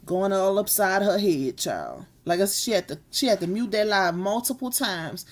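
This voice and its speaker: A woman's voice: mid-range voice, big pitch swings, moderate pace. Live stream host, woman, thirties, casual and talkative. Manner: chatty, laughs often, Southern US slang.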